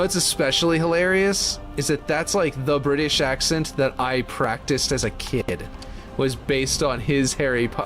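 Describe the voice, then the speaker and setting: A man chatting casually and thinking aloud while he builds a game map, muttering when puzzled. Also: medium pitch. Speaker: map builder streaming his work.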